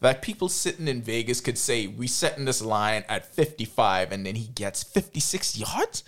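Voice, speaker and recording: A man's voice: medium pitch, lively intonation, normal speed. A man hosting a casual sports chat, ranting heatedly and profanely as a loyal fan. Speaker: podcast host.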